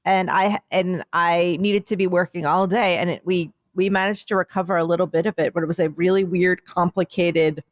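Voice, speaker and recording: A woman co-hosting a podcast, chatting casually and telling a rambling, animated story. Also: on the low side, a little fast, hardly any pauses, dry recording. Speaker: podcast co-host. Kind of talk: casual chat.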